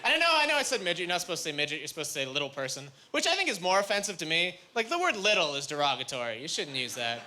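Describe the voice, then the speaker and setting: High-voiced comedian telling rambling stories on stage. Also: male voice, sing-song. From Canada. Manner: rambling self-deprecating storytelling with quick asides. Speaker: stand-up comedian. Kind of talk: stand-up comedy. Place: comedy stage before a live audience. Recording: live club recording with loud crowd.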